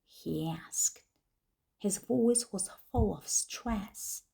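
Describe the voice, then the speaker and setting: Woman reading a story super slow for english learners, husky creaky voice. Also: medium pitch, dark tone. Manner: slow, clear, deliberate reading. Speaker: narrator.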